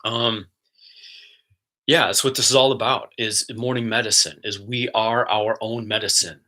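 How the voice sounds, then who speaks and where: A man's voice: on the low side, fairly even intonation, normal speed, sharp tone. A man giving a casual, earnest wellness talk to viewers, rambling a little and greeting people who are watching live. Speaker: wellness vlogger. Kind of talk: casual spoken monologue.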